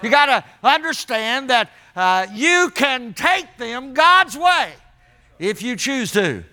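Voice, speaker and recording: A man's voice: very high-pitched, sing-song, slow pace, bright, forceful tone. A man preaching a sermon in a folksy, emphatic way, calling out to the congregation as he tells stories.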